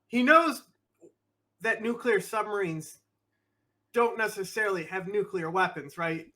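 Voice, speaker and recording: A man's voice: high-pitched, measured pace, bright, forceful tone. A man co-hosting a livestream in casual chat, teasing with sarcastic questions. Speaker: livestream co-host.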